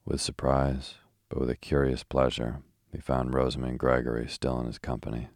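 Deep, gravelly male sleep narrator. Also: normal speed, no room sound, studio quality. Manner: rhythmic, even. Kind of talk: sleep story reading.

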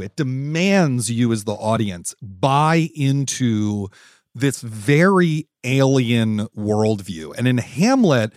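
A man on a culture podcast panel, talking casually in a measured, analytical way. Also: mid-range voice, no room sound, clean studio sound.

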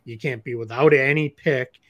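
A man's voice: mid-range voice, fairly even intonation, normal speed, fairly bright tone. Man with a Boston accent talking hoops. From Boston area. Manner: explanatory, frequent fillers and restarts. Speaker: podcast co-host, basketball analyst. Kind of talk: casual sports chat.

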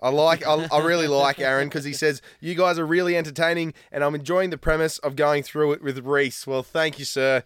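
Smooth voiced podcast guy reading fan mail, dry close mic. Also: fairly high pitch, steady tone, fairly quick, hardly any pauses, a bit bright, no echo. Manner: laughing, teasing. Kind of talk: casual banter.

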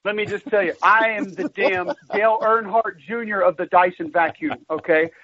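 A man's voice: high-pitched, normal speed, pushed and bright. A man joining a podcast chat as guest, mock-defensive and joking. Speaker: guest analyst. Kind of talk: casual chat. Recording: tinny phone-like line.

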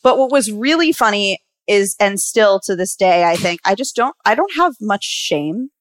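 A woman's voice: medium pitch, expressive, moderate pace. A young American woman and actor, chatting as an interview guest in a rambling way, with lots of "like" fillers. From United States. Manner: rambling, filler-heavy, full of "like". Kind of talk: casual interview chat.

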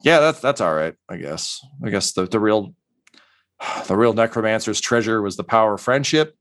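A man's voice: lowish voice, expressive, normal speed, a bit bright. A man voicing a crude, grumbling heist mastermind in a tabletop game, raising his voice, cursing and sheepish.

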